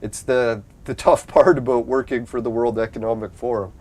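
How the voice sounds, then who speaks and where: A man's voice: medium pitch, fairly even intonation, moderate pace, darkish tone. A young adult man from Canada, chatting casually and profanely on a live stream, rambling and laughing often.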